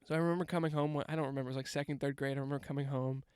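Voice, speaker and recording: A man's voice: medium pitch, steady tone, rapid-fire, darkish tone, smooth, no echo, studio quality. A man, telling a rambling, self-mocking comic story and swearing freely. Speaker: comedian. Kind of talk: casual comedic storytelling monologue.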